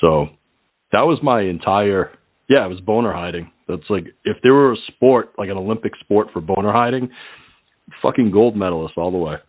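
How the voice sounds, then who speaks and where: A man's voice: fairly low pitch, lively intonation, normal speed, no echo. A man hosting a casual call-in radio show, rambling through crude jokes and laughing often. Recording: tinny phone-like line.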